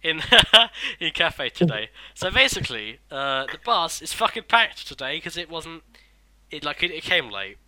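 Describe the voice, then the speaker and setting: A man's voice: on the high side, big pitch swings, moderate pace, pushed and bright, no room sound, low-quality recording. A young man rambling through casual chat, swearing often and restarting his sentences.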